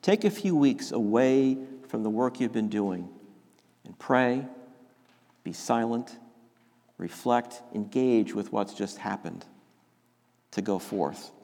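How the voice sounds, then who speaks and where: A man preaching a sermon, slow and emphatic, often restarting his phrases. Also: mid-range voice, expressive, mellow. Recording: long reverb of a large hall.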